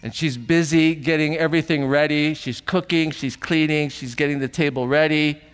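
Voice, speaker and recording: A man's voice: fairly high pitch, fairly even intonation, moderate pace, smooth. Pastor guy preaching, earnest and a bit teary, asks the crowd stuff, big hall echo. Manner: earnest, emotional, asks the congregation questions. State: tearful. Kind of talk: sermon.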